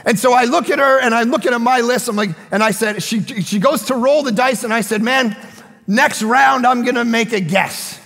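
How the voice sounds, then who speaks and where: A man preaching a sermon as pastor, telling a story with animated energy and sudden shouted bursts. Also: very high voice, normal speed, vocal fry, in a large hall. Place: church sanctuary.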